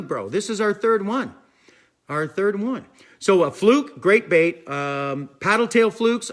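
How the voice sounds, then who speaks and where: A man's voice: fairly high pitch, fairly bright tone. A man hosting a fishing live stream, chatting casually and rambling as he answers viewers' questions. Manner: rambling, chatty, repeats "I'm telling you".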